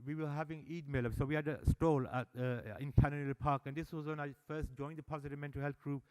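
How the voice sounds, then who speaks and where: A man's voice: a little high, quick pace, smooth. A man giving a speech at a public meeting, telling stories and acting out the dialogue with energy. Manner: animated storyteller, acts out dialogue. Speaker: service user speaker at annual meeting. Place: meeting hall.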